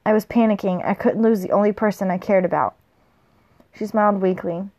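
A woman's voice: medium pitch, normal speed, mellow, dull audio. A woman reading a novel aloud casually, with small slips and corrections. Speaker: reader.

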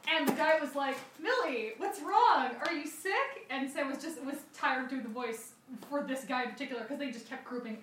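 A young woman chatting on a podcast, telling an animated story full of laughs and restarts. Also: high voice, quick pace, few pauses, slight background noise. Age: young adult. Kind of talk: casual chat, storytelling. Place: garage. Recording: echoey garage, mic at a distance.

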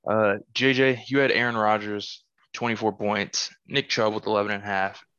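Low-voiced man reading fantasy scores. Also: flat delivery, moderate pace, pushed and bright, highs cut off, slight background noise. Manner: reads off fantasy scores, teasing. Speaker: podcast host. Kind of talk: casual podcast chat.

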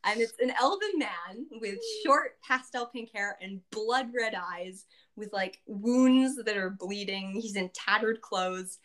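A woman casually recapping a tabletop game session, chatty and quick to laugh, acting out quotes in a lifted voice. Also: a bit bright. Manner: chatty, laughs often, acts out quotes in a higher voice.

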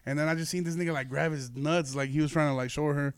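A man's voice: a little high, steady tone, fast talker, smooth, dry recording, studio quality. A young man hosting a podcast, telling a loose, profane story with lots of laughing. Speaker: podcast host and comedian. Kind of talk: casual storytelling chat.

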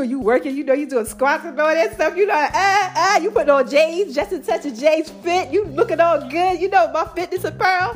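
Playful woman vlogger, high voice. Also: animated, brisk, soft background music. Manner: playful, laughing, acts out little voices. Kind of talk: casual motivational talk to viewers.

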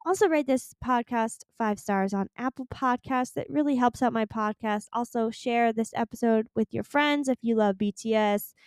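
A woman's voice: a little high, normal speed, hardly any pauses, darkish tone, clear, resonant tone, no echo, studio quality. A young woman hosting a solo podcast, chatting in a gushing, rambling way and swearing casually. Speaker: podcast host.

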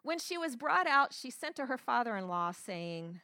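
A woman's voice: fairly high pitch, very animated, moderate pace, hardly any pauses, pushed and bright, no room sound, studio quality. A woman pastor preaching a sermon, telling the story dramatically and acting out the quotes.

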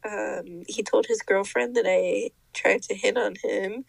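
A young woman co-hosting a podcast, telling a story in casual chat. She is animated, laughs often and mimics the people in it. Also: medium pitch, measured pace, creaky, dry recording, poor audio. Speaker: podcast co-host.

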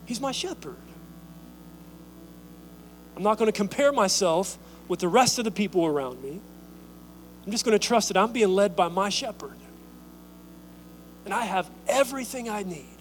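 Male pastor, sermon, high voice, storytelling, loud urging to hushed lines, faint hum. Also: animated, moderate pace, pauses often, low-quality recording.

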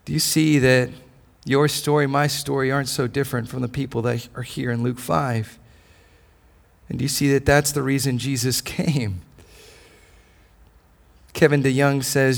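A man's voice: mid-range voice, level tone, measured pace, gravelly, pauses often. A man preaching a sermon in a church service, passionate, asking the congregation repeated questions and often restarting his phrases. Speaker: pastor.

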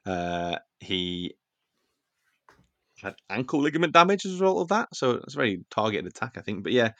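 A man's voice: on the low side, very animated, moderate pace, a bit bright, dry recording. A man hosting a casual football podcast, reeling off stats with a wry, chuckling manner.

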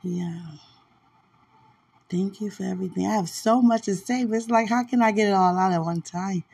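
A woman hosting a podcast, chatting casually and tenderly about faith while sounding sleepy, soft-spoken and given to small laughs. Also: medium pitch, moderate pace, gravelly, slightly rough, no room sound. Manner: soft, drowsy and affectionate, with frequent laughs. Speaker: podcast host. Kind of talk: casual faith-filled chat.

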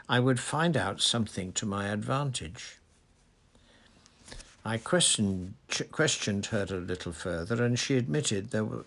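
A man's voice: on the low side, vocal fry, fairly bright tone, heavily acted. A man reading aloud, voicing a cruel middle-aged woman official who talks in a prim, sugary, simpering way.

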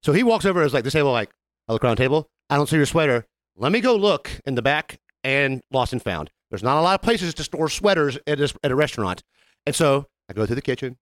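Fast-talking and mid-range in pitch, a male co-host shares stories on a casual podcast, with no room sound audible. He animatedly performs the customers' words and swears freely as he chats.

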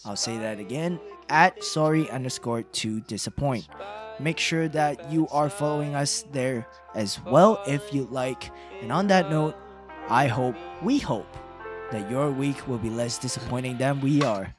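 A man's voice: mid-range voice, unhurried, over music. A man hosting a podcast, chatting casually and swearing now and then, then reading the sign-off. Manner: casual, swears, laughs easily. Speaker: podcast host.

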